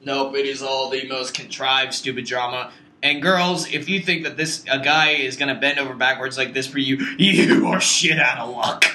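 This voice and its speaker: A man's voice: mid-range voice, fairly even intonation, normal speed, bright, forceful tone, echoey room, rough recording. A man bluntly and sarcastically trashing a movie in casual talk. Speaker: movie reviewer. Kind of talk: casual profane movie rant.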